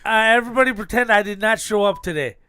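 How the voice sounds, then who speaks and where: A man's voice: high-pitched, fast talker, bright, forceful tone, smooth. A man co-hosting a casual podcast who reacts, laughs and mock-scolds his partner. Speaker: podcast co-host.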